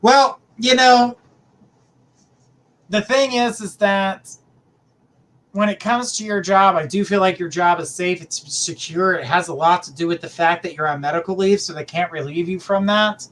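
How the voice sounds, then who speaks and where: A man's voice: high-pitched, normal speed, a bit bright. A middle-aged man hosting a live psychic reading stream, chatting casually and affectionately with viewers. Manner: chatty, affectionate, calls viewers sweetheart and honey. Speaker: psychic reader, livestream host.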